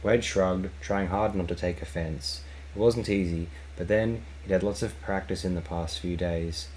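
A man narrating a science fiction novel as a fan audiobook. His voice is very deep and his delivery steady and measured. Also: slight background noise, rough recording. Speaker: audiobook reader.

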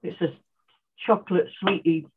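A British woman chatting as a guest on a sewing livestream over a video call, relaxed and matter-of-fact. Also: on the low side, normal speed, breathy edge. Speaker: guest sewer. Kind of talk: casual livestream chat. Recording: thin phone-like video call audio.

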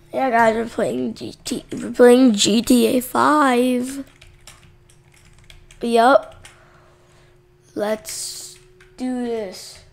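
A woman with a fairly high, creaky voice runs a gaming channel. She gives casual let's-play commentary, chatting with viewers and yelling at the game characters.

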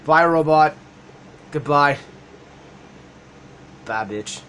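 A man's voice: on the high side, extremely slow, bright, forceful tone, slight background noise. A young man giving casual, profane, joking commentary while playing a video game. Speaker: let's play gamer.

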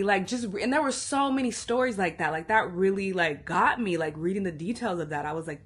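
A woman's voice: medium pitch, expressive, fairly quick, hardly any pauses, husky. A young adult woman chatting candidly to camera as a travel vlogger, emotional and swearing freely. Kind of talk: casual vlog chat to camera.

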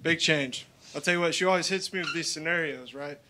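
A young man doing a profane stand-up set, telling stories in a deadpan way. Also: a little high, fairly quick. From Roswell. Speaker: stand-up comedian. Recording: live club recording with background noise.

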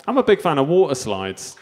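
A man's voice: fairly high pitch, a little mellow, a little hiss or hum. A man doing a stand-up set, delivering self-mocking absurd one-liners. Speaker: stand-up comedian.

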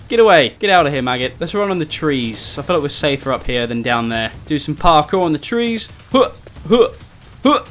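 A man's voice: a little high, a bit bright, slight background noise. A young man giving let's-play commentary on a survival game, easily startled, yelping at enemies and cracking sarcastic jokes. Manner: jumpy, easily startled, yelps and pleads at zombies; jokey, sarcastic asides. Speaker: gaming YouTuber.

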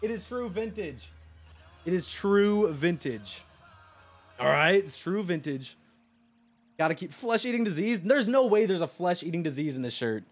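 A young man chatting on a live stream, rambling excitedly, swearing and talking to his chat. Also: high-pitched, normal speed, soft background music.

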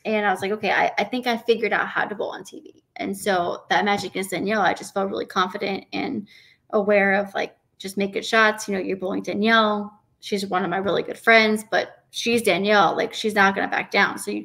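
A woman's voice: medium pitch, fairly even intonation, brisk, creaky, fairly bright tone. A woman from Arizona, a professional bowler and guest, telling a story in a casual interview and acting out her own thoughts.

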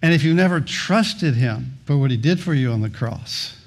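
Gravelly-voiced pastor preaching. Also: male voice, mid-range voice, animated, moderate pace. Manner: storytelling, acts out voices in anecdotes; repeats words when starting sentences. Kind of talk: sermon.

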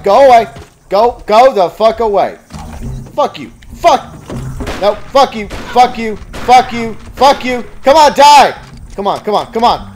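A man commentating his video game play, often frustrated, shouting and swearing. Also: sits high, animated, slow pace. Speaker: let's play gamer. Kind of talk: live gameplay commentary. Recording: gameplay with music behind.

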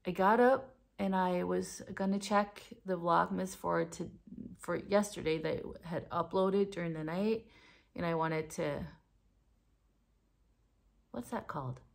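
Gravelly-voiced Danish woman chatting. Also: fairly low pitch. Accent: Danish with an American tinge. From Denmark. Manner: rambling, excitable, chatty. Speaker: knitting vlogger. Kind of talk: casual chat.

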